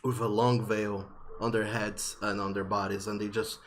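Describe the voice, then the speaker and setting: A man narrating a tabletop game as game master, unhurried and descriptive with frequent fillers. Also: fairly low pitch, little pitch movement, a little hiss or hum.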